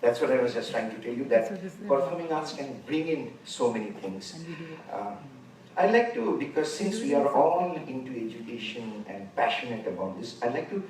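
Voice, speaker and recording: A man of about seventy with an Indian English accent, giving an unhurried conference lecture and pausing often to gather his thoughts. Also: mid-range voice, a little mellow. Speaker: conference speaker. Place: large conference hall. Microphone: distant room mic. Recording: very echoey hall, voice far from mic, faint noise.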